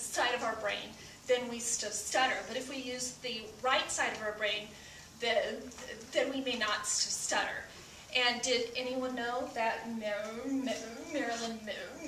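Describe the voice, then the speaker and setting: Stand-up comic, female, heavy stutter, slow delivery, captured from a distance in a reverberant room. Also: on the high side, noisy background. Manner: stutters with frequent repeated sounds. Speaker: stand-up comedian. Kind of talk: stand-up comedy set. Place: stage before a live audience.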